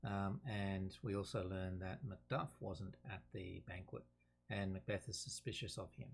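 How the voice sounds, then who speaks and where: A casual man talks students through a play, stopping to read quotes aloud. His voice sits fairly low and carries a gravelly fry. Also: steady tone, moderate pace. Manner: casual, reads quotes aloud between explanations. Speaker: teacher.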